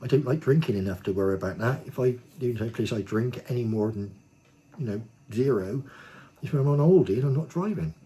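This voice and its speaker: A man telling a personal anecdote in a blunt, cheeky, casual way, growing animated when he quotes himself. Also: mid-range voice, fast talker. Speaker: storyteller.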